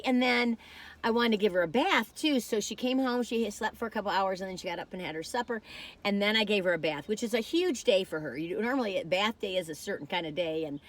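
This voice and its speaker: A woman's voice: mid-range voice, a bit bright. A woman reviewing food in a casual vlog, chatting while she tastes and telling a rambling story that keeps losing its thread.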